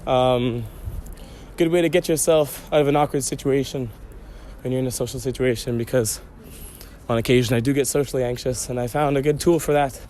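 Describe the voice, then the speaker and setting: Walking outdoors along city canals, a man hosts a solo podcast, rambling, joking with himself and drifting into digressions. His medium-pitched voice is a little mellow, fairly even in intonation and a touch fast, with slight background noise.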